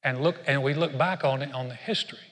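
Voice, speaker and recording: A man's voice: mid-range voice, fast, fairly bright tone, in a large hall. An older man preaching a sermon in a conversational way, often repeating words as he restarts his sentences. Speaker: pastor.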